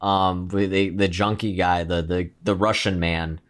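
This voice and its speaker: Animated man reviewing a movie. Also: deep voice, a little slow. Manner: animated, acts out scenes in quoted voices. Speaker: podcast co-host. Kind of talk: casual movie review chat.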